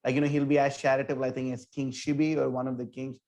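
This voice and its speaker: A man who leads a temple's book distribution team tells a story in a casual interview, talking in an animated way, full of "like" and "you know". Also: medium pitch, fast talker. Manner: animated, filler-heavy, with many "like" and "you know".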